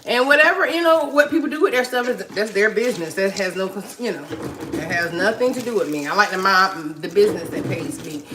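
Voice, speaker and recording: A woman's voice: medium pitch, fairly quick. A woman, chatting casually on a livestream, laughing often and reading viewer comments aloud. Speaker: livestream host. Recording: clicking noise in background.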